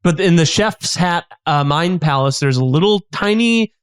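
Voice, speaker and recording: Rambling man with a dry, higher voice. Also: lively intonation, moderate pace, clean tone, dry recording. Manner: rambling, self-interrupting, with lots of restarts. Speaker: guest comedian. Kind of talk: casual comedy podcast chat.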